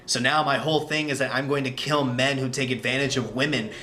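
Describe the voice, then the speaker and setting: A man voicing the ghost of a murdered young woman, speaking in a flat, mournful way. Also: medium pitch, a little fast, slight background noise, pitched below the performer's own voice, lightly acted. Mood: bitter.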